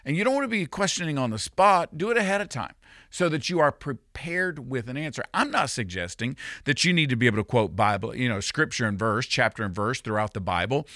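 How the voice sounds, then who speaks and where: Pastor preaching from a dry close mic. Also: male voice, medium pitch, lively intonation, a little fast, bright, forceful tone, dry recording. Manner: conversational preaching with frequent restarts and sudden emphatic rises. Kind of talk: sermon.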